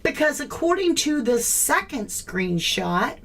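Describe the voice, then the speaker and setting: A woman's voice: high voice, sing-song, slow pace, fairly bright tone. A woman hosting a true crime livestream, puzzling aloud in casual chat and greeting viewers by name.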